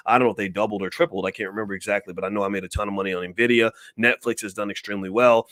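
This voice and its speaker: A man's voice: lowish voice, fairly even intonation, racing, fairly bright tone. A man giving heated, rambling commentary straight to his viewers, asking them questions and preaching his point. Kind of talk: direct-to-camera commentary.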